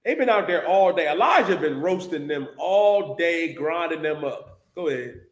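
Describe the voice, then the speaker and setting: Man, class instructor, lively mocking tone, higher voice, echoey room. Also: moderate pace. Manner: mocking, joking, loud interjections. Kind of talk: lively religious class teaching.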